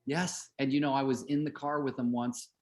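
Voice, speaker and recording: A man's voice: medium pitch, flat delivery, normal speed, a little mellow. A middle-aged man coaching real estate agents on a group call, chatty, telling stories and asking the group questions.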